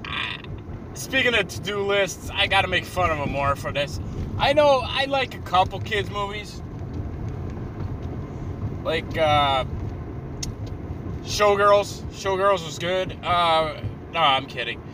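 A man's voice: high voice, expressive, takes it slowly, pauses often. Profane rambling young guy driving. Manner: profane, sardonic, meandering. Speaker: vlogger. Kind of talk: rambling casual monologue while driving. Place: inside a car on the road. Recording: road and engine noise.

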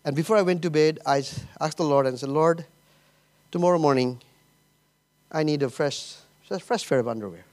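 A man's voice: on the high side, moderate pace, a little mellow. A man preaching a sermon as pastor, telling a personal story with emotion, laughter and many repetitions.

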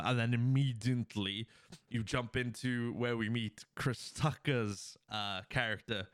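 This podcast host, a man with a mid-range, steady and unhurried voice, recaps a film's plot casually. He rambles loosely, uses plenty of fillers, and acts out the quoted lines.

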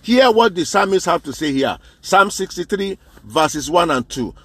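A male preacher with a high-pitched voice delivers his sermon in a dry, close recording. He is fervent and keeps coming back to the same words. He presses his listeners with direct questions. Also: big pitch swings, moderate pace, fairly bright tone, husky, no echo. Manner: fervent, repeats phrases for emphasis.

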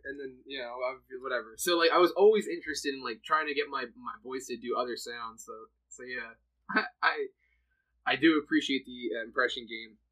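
Brief: young male podcast guest from New Jersey, sharp bright tone, chatty storyteller. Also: medium pitch, fairly quick, poor audio. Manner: laughs often, storytelling with many "like"s. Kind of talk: casual chat.

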